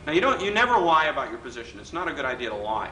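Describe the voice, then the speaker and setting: A man's voice: on the high side, big pitch swings, very fast, sharp tone. A man giving a workshop talk to an audience, teasing and joking, acting out quotes in his stories. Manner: joking, teasing, acts out quoted voices in anecdotes. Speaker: workshop speaker. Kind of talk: political persuasion workshop talk. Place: hotel function room with live audience. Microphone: distant room recording. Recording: echoey hall recorded from a distance, faint hiss.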